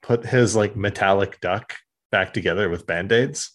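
A man's voice: lowish voice, moderate pace, a bit bright. A man co-hosting a podcast, casually recapping a comic and acting out the characters' lines in silly voices. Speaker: podcast co-host.

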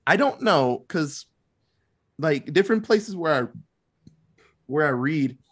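A man in casual chat retelling a movie plot, animated and loose, swearing freely. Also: on the high side, husky. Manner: animated, swearing, quick asides.

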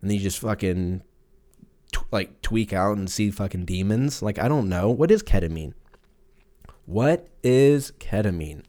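A man's voice: on the low side, lively intonation, a little slow, warm tone. A man in his thirties hosting a casual solo podcast, rambling and cursing with jokey asides. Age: 30s. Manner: profane, rambling, jokey, puts on silly voices for quotes. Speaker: podcast host.

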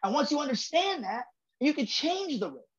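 A male comedian guest on a podcast, talking in a profane, emphatic way, building rhythm and bursting into shouts for emphasis. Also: very high voice, sing-song, moderate pace, muffled recording, background noise. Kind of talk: casual podcast chat.

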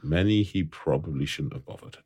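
A man's voice: a bass voice, brisk, dark tone, breathy edge, dry recording, studio quality. A man co-hosting a film podcast, chatting casually in a rambling way and laughing often. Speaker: podcast co-host.

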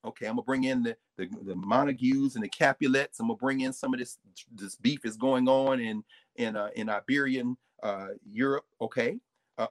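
Animated man lecturing with dry sound. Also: medium pitch, brisk, no room sound. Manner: energetic storyteller, acts out voices and asides. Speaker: professor. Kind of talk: animated lecture-style talk.

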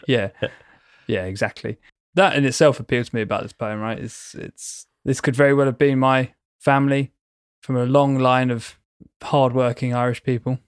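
A man chats casually, rambling and playful, spinning vivid word pictures as he goes. His voice sits at a middle pitch. It is recorded close and dry, with no room sound. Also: fairly even intonation, normal speed, clear, resonant tone, no room sound. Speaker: podcast co-host. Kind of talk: casual chat.

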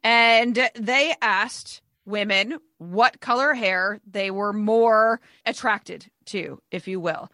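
A woman from Ontario co-hosting a podcast, quick and teasing in casual chat. Her voice is bright and forceful and sounds close and dry, with no room around it. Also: medium pitch, dry recording. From Ontario, Canada. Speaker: podcast co-host.

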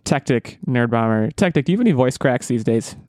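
A man's voice: medium pitch, expressive, fairly quick, darkish tone, dry recording. 30s guy hosting a podcast, chatty, jokes at himself, restarts a lot, dry close sound. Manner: chatty, self-deprecating, rambling restarts. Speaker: podcast host. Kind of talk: casual podcast chat.

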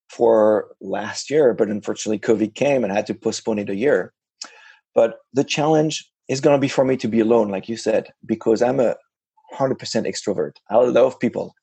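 A man being interviewed about his ocean kayak crossing, talking casually in an animated way, with frequent restarts and self-corrections. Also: mid-range voice, slightly rough, no room sound.

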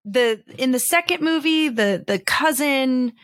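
On a podcast, a female co-host reviews a movie in casual conversation full of "like" fillers and teasing mockery. Her high voice is animated and a bit bright, her pace measured, and the studio-quality audio has no echo.

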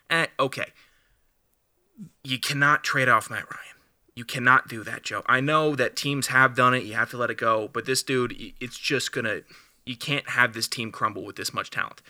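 A man arguing football with a very bright, cutting edge to his voice, and he calls himself passionate. He gets worked up and loud in his points, sounding close and dry on the mic. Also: mid-range voice, dry recording. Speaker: podcast co-host. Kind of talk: heated sports talk.

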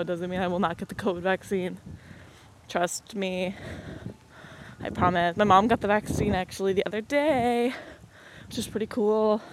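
Sick, breathless young woman rambling outdoors. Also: medium pitch. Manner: self-deprecating, joking, scattered. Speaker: podcast host. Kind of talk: rambling solo podcast chat. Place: outdoors on a windy street while walking. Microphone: headset mic on headphones. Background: passing cars and wind.

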